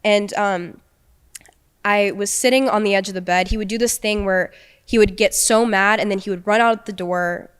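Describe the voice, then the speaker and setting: A young woman guest on a podcast, telling a personal story in an earnest, halting way with many restarts. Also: medium pitch, steady tone, clean tone.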